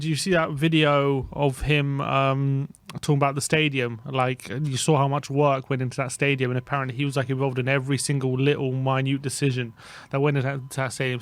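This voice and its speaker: A man co-hosting a casual football fan show, reading out fan opinions in a relaxed, hesitant way with lots of fillers. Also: medium pitch, brisk, no room sound.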